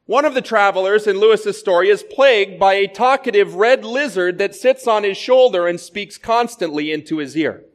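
A man preaching a sermon as a pastor, with measured storytelling delivery. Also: sits high.

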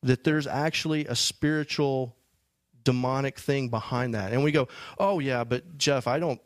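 A man's voice: mid-range voice, normal speed, no room sound. A man giving a sermon, reading scripture and explaining it in a loose, conversational way with frequent restarts. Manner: conversational, many restarts and fillers. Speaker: preacher.

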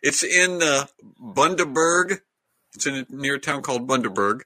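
A man with a very bright, forceful voice hosts a loose online chat. He talks in a chatty, halting way, full of ums and restarts, and laughs easily. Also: medium pitch, expressive. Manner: chatty, hesitant, laughs often. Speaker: host. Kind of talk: casual video call chat.

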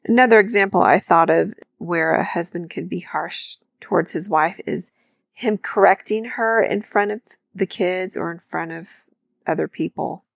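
A woman with a somewhat low, gravelly voice co-hosts a podcast. She talks thoughtfully and backs her advice with practical examples. The recording is close and dry. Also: moderate pace, no room sound. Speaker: podcast co-host. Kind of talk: instructive marriage talk.

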